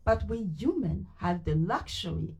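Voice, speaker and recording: Tired french canadian woman reading a book out loud on a live stream, lively, keeps redoing words. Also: medium pitch, measured pace. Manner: animated, repeats and retries hard words. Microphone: microphone.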